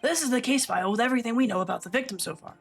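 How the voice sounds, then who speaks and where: A woman voicing a gruff middle-aged male police inspector in a video game, with a rough chain-smoker rasp and a formal, officious way of reporting. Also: a little high, rapid-fire, faint music behind, close to an everyday voice. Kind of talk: voicing a game character on stream.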